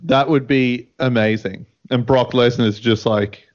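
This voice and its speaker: A man co-hosting a radio show, talking in a relaxed, casual way and laughing along. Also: medium pitch, measured pace, lo-fi sound. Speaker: co-host. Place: radio studio.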